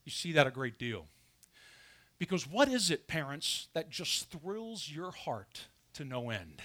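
A man's voice: fairly high pitch, a little slow. A man preaching a sermon as pastor from a church pulpit, asking his congregation questions as he goes. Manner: animated preaching with rhetorical questions.

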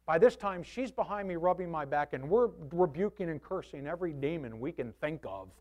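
His voice a little high and his pace brisk, this pastor in his sixties gives his congregation a personal testimony over dull-sounding audio. He's animated and candid, poking fun at himself.

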